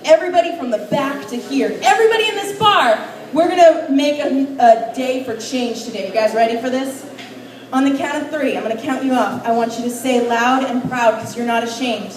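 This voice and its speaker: A young woman doing crude, playful stand-up at an open mic in a bar. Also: high-pitched. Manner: brash, crude, playful punchlines. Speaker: stand-up comedian. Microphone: far camera recording a stage. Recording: roomy bar sound from far off.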